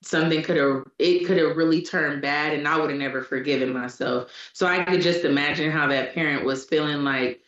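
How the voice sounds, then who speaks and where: Low-voiced woman telling a candid story. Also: fairly even intonation, brisk, few pauses, a bit bright. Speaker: podcast co-host and parent. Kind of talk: casual chat. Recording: echoey room, dull lo-fi sound.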